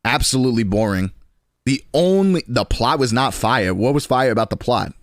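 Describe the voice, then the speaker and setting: A young man in his twenties chatting casually on a stream, slangy and rambling, with quick restarts. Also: medium pitch, lively intonation, no echo, studio quality.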